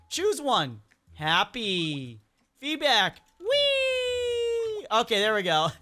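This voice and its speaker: A woman giving chatty, excitable let's-play commentary and talking to the game characters as a gaming YouTuber. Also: on the high side.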